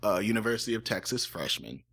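A man's voice: lowish voice, lively intonation, fast, a bit bright. A man co-hosting a true-crime podcast, chatting casually and joking between the facts. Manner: joking, slips into impressions. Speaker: podcast co-host.

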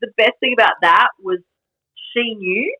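Woman guest, bright tense tone, rambling animated storyteller. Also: on the high side, measured pace, slightly rough, lo-fi sound. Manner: animated storytelling, heavy use of "like", frequent laughs. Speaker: guest, jiu-jitsu black belt and camp organiser. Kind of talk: casual podcast chat.

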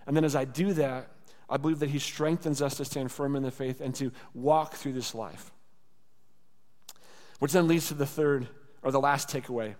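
A man's voice: mid-range voice, steady tone, moderate pace, darkish tone, long reverb tail. A man in his thirties preaching a sermon as a pastor, earnest and conversational, speaking prayers aloud as he teaches. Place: church sanctuary.

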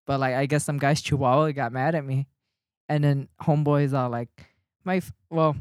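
American male co-host, mid-pitch, profane rambling storyteller, dry close mic. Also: fairly even intonation, fairly quick, clean tone, no echo. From United States. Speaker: podcast co-host. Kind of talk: casual chat.

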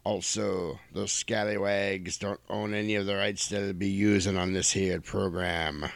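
A man's voice: low voice, flat delivery, a little slow, creaky, no echo. A man putting on a swaggering male pirate voice full of growly pirate slang for a podcast disclaimer. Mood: mock-menacing.

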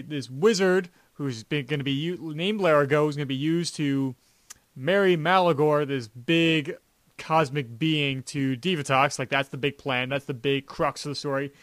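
A young New Yorker co-hosts a podcast in a slightly high, somewhat bright voice at a measured pace, recorded dry. The casual chat rambles, with frequent restarts and plenty of "like" fillers.

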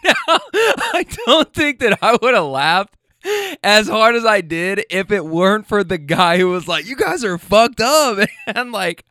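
A man's voice: high voice, bright, forceful tone, smooth, no room sound, studio quality. A man hosting a show, chatting loosely about clips he plays and laughing often between his rambling asides. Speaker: host reacting to clips. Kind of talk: casual commentary.

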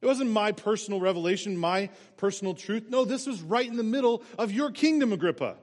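A preacher voicing an earnest pleading apostle. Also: male voice, high voice, animated, fairly quick, darkish tone, long reverb tail, pitched above the performer's own voice. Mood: emphatic. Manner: pleading, emphatic. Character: earnest apostle defending himself before a king.

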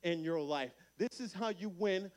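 A man preaching a lively youth sermon at a camp meeting, acting out voices in his stories. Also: high-pitched, measured pace. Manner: energetic preaching, acts out voices in quotes. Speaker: camp speaker.

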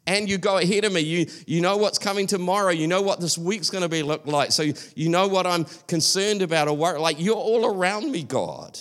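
A man's voice: high-pitched, lively intonation, brisk, hardly any pauses, a bit bright. A male preacher giving an earnest, conversational sermon, often restarting his sentences.

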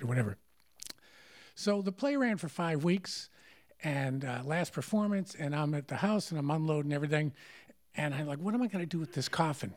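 High-voiced man telling a wry story. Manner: conversational, wry, self-amused. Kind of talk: live stage storytelling.

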